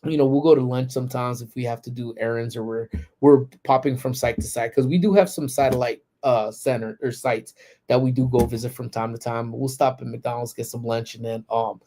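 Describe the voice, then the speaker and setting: A man's voice: mid-range voice, steady tone, brisk, dark tone. A man in his forties hosting a casual livestream, telling stories in a laid-back, slangy way with frequent laughs. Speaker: livestream host.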